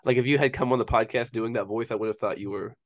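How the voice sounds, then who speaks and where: A man's voice: mid-range voice, fairly even intonation, quick pace. A man hosting a podcast interview, eager and encouraging toward his guest. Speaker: podcast host. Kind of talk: casual interview chat.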